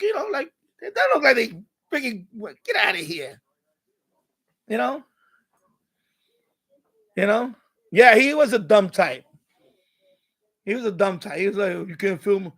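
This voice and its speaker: A man's voice: sits high, creaky, a bit bright. A man hosting a live stream, ranting in casual commentary with rambling, repetitive, streetwise talk, acting out quoted exchanges.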